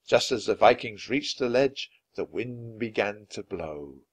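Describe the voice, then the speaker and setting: A man reads a children's adventure story aloud. His delivery is expressive and dramatic. His pitch moves freely over a wide range. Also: unhurried. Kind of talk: children's book read-aloud.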